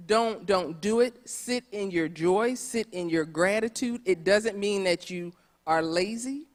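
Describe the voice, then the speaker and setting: A woman speaking on a church conference panel, animated and emphatic, repeating phrases for stress. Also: mid-range voice. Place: church auditorium.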